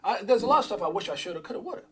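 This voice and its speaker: A man's voice: sits high, very animated, rapid-fire, slightly rough. A middle-aged man hosting a crypto livestream, preaching in a fired-up motivational rant and calling out viewers by name.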